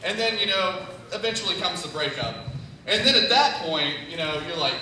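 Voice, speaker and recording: A man's voice: sits high, animated, brisk, noisy background. A young man from Tennessee doing a nervous first-time stand-up set, rambling with lots of "you know" fillers. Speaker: stand-up comedian. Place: comedy club stage. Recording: echoey room from far off, crowd audible. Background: audience laughing.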